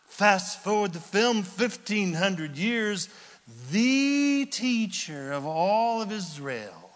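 Animated male preacher, high register, casual storytelling, recorded in a reverberant hall. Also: slow. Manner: animated, acts out Bible scenes with casual voices. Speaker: pastor. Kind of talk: sermon.

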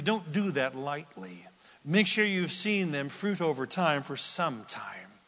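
A man preaching a sermon in a lively, theatrical way, acting out the quotes he reads. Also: on the high side. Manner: animated preaching, acts out quotes loudly. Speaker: pastor. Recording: long hall reverb.

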